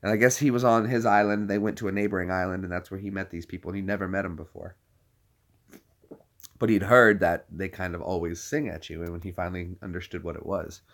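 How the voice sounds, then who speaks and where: A man in his thirties chatting casually to a live-stream audience, rambling and joking. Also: low voice. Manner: rambling, jokey, puts on silly voices.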